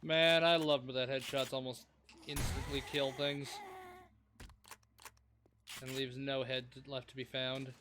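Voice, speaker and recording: A man's voice: mid-range voice, level tone, takes it slowly, pauses often, bright, forceful tone, slight background noise. A man streaming a survival game, chatting casually and teasing his co-player. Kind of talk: casual gaming chat.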